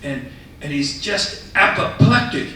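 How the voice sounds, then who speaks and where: A man telling a lively personal story to a live audience. His voice sounds distant from the mic, wrapped in heavy room echo with a faint hiss underneath. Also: fairly high pitch, a little slow. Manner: conversational, animated retelling. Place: retirement residence common room. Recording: echoey room, mic far off.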